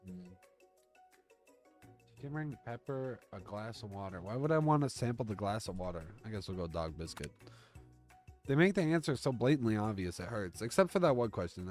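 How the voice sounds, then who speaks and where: A man's voice: medium pitch, darkish tone. A man streaming, reading a text game aloud and reacting with jokes and curses. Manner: reads the story aloud and jokes and curses along.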